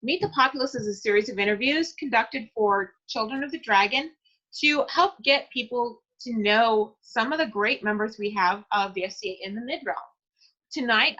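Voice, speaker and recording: Woman interview host, bright and encouraging, slightly high, heard through dull lo-fi audio. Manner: chatty and encouraging, laughs easily. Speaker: podcast interviewer. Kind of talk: casual interview.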